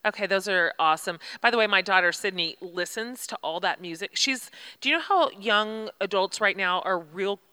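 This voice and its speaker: A middle-aged woman hosting a casual chat, with a bright voice at an average pitch. She asks questions in a playful, teasing way. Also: moderate pace, clean tone. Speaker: host.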